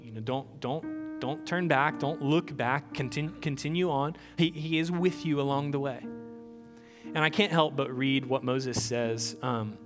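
A man preaching a sermon in an earnest, conversational way, often repeating words and pausing with fillers. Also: medium pitch, big-room sound. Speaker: pastor. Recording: music playing clearly behind the voice.

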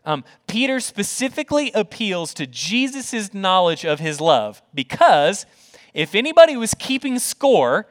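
This pastor's voice sits high. His sermon is earnest and conversational, full of rhetorical questions and repeated words, and he drops to a soft hush for the tender parts.

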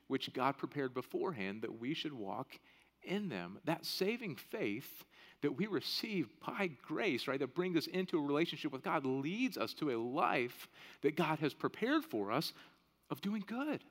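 A pastor in his thirties preaches a sermon conversationally, often checking in with "right?". His voice is on the high side, a bit bright and sing-song, at a measured pace. The long reverb of a large hall surrounds him.

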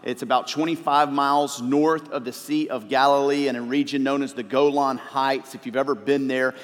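A man's voice: medium pitch, fairly even intonation, normal speed. A male pastor preaching a sermon, chatty with filler words, then rising to emphatic points. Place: church sanctuary. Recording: long reverb of a large hall.

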